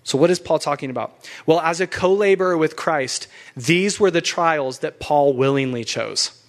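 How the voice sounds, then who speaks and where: A man's voice: on the high side, moderate pace. A young adult man preaching a sermon as pastor, emphatic and fired up, with laughs between points.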